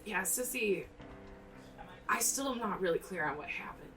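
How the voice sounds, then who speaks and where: A woman voicing the player character's cousin, who speaks hesitantly and quietly. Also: medium pitch, expressive, moderate pace, natural voice. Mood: subdued. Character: the player character's cousin, a subdued tavern regular. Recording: distant mic with background music.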